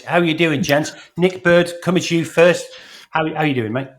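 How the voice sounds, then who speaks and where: A man's voice: a little high, moderate pace. A man hosting a sports podcast, chatty and jokey, with many fillers and restarts. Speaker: podcast host. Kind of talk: casual sports podcast chat.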